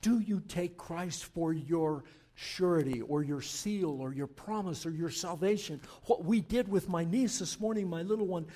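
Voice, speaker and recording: A man preaching a sermon as pastor, passionate and urgent, dropping to a hushed, soft prayer. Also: fairly high pitch, measured pace. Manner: impassioned preaching, swinging from loud urging to hushed prayer. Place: church.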